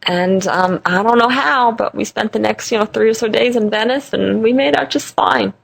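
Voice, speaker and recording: A woman guest in an interview, telling a personal story in an animated way, laughing often and repeating phrases for emphasis. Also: on the high side, moderate pace, creaky. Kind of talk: conversational storytelling.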